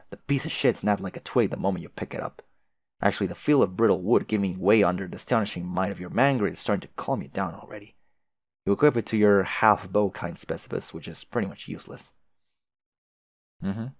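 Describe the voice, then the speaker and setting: Young guy reading a comic out loud, lowish voice, wry and casual, dead dry close mic. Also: no room sound. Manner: wry, swears, laughs at own slips. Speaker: reader of a webcomic. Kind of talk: casual read-aloud narration.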